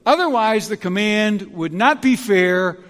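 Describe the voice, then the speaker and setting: A man preaching a sermon in an animated, emphatic way, often restarting his sentences. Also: high voice, unhurried, in a large hall.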